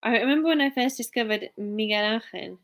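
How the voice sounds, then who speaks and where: A woman's voice: a little high, animated, fast, fairly bright tone. A woman chats on a live stream in a loose, wandering way. She reads viewer names aloud and breaks off mid-sentence to try again. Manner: chatty and rambling, reads viewer names aloud, many restarts. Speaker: live streamer, work-from-home mum. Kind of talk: casual live-stream chat.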